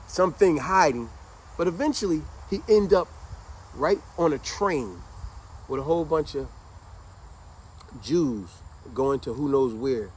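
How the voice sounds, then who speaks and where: A man's voice: mid-range voice, slight background noise, low-quality recording. A man casually and animatedly retelling a story to his listeners, speaking conversationally.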